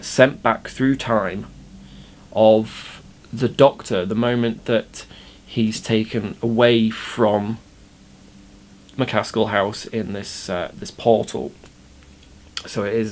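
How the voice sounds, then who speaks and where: A man, the show runner and writer, talking casually about his episodes, explaining with enthusiasm and frequent restarts. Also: mid-range voice. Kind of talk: casual behind-the-scenes commentary.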